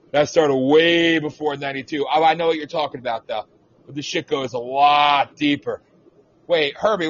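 A man's voice: on the high side, a bit bright. A man hosting a talk radio show, ranting off the cuff with profane passion. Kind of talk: unscripted talk radio rant. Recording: slightly muffled lo-fi audio.

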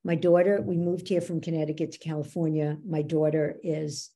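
A woman coach explaining how beliefs work, teaching through lively anecdotes and acting out what people said. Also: deep voice, moderate pace. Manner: animated storyteller, acts out quoted dialogue. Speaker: belief coach, podcast guest.

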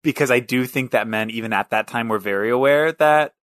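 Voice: medium pitch, brisk, a bit bright, no echo, studio quality. A podcast co-host in a casual film chat, giving blunt, opinionated takes and swearing freely.

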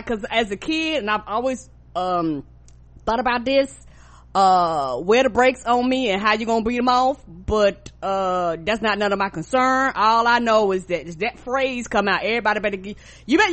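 Lady podcast cohost, chatty, voice jumps way up when she quotes people. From American South. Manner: animated storyteller, acts out quotes with big jumps in pitch. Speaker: podcast co-host. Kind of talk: casual chat.

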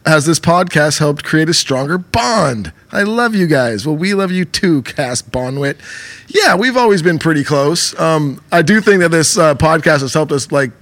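A man's voice: on the high side, lively intonation, moderate pace, fairly bright tone. A young man co-hosting a casual podcast, reading out listener questions and laughing often.

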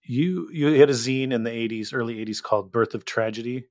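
A man's voice: medium pitch, fairly quick, a little mellow, no echo, clean studio sound. A man hosting a podcast, prompting his guest with short questions. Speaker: podcast host. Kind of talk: interview questions.

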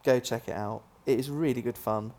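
British film guest, mid-pitched man, halting and amused. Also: steady tone, darkish tone. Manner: halting, many restarts, amused. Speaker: filmmaker guest. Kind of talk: casual podcast interview.

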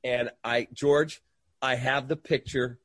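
A man's voice: medium pitch, slow, dry recording, studio quality. A middle-aged man, a guest in an interview, telling a story and acting out the people in it. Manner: animated storyteller who acts out quoted voices.

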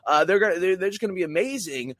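Podcast co-host, male, raised pitch, animated, foul-mouthed rants, dry mic. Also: racing, no room sound. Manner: ranting, heavy swearing, animated. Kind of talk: casual sports chat.

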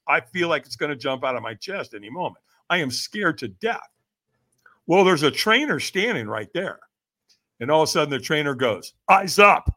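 A middle-aged man telling a story as a podcast guest, with a high, bright, forceful voice. His pitch swings widely as he acts out the people in his tale and keeps asking "right?" to pull the listener along. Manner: lively, acts out quoted voices, frequent "right?". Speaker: podcast guest, personal development coach. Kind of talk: animated storytelling in a podcast interview.

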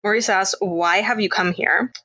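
A woman's voice: mid-range voice, normal speed, sharp tone, husky. A woman from Canada co-hosting a casual movie podcast, recapping the plot and laughing often. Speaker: podcast co-host.

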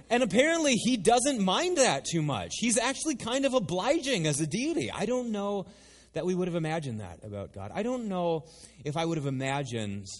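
A man preaching a sermon in a lively, conversational way with playful asides. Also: a little high, slightly rough. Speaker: pastor. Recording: long hall reverb.

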